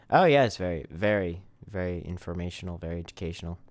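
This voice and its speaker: Speaking fast with few pauses, a man with a low, darkish voice narrates a game stream casually. He reads the on-screen text aloud and jokes at his own expense in easygoing let's-play commentary.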